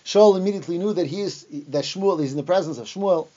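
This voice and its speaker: A man teaching a lesson on the Bible, retelling the story in a lively way and acting out the lines he quotes, with some fillers and restarts. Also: sits high, quick pace. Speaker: Torah teacher. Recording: dull lo-fi recording.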